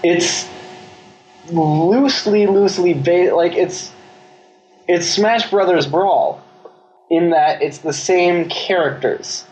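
A man's voice: high voice, slow pace, long pauses, a little mellow. A man co-hosting a podcast in casual chat, eager and insistent when he recommends something. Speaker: podcast co-host. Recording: muffled lo-fi recording.

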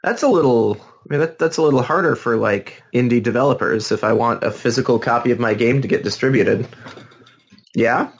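A man co-hosting a podcast in casual chat, animated and teasing, talking in quick bursts. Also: mid-range voice, husky. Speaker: podcast co-host.

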